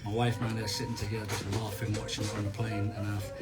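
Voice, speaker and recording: Scottish man, relaxed storyteller, casual guest chat, restarts sentences, clear music underneath. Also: on the low side, quick pace. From Scotland. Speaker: celebrity guest. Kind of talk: casual chat at a live signing stream.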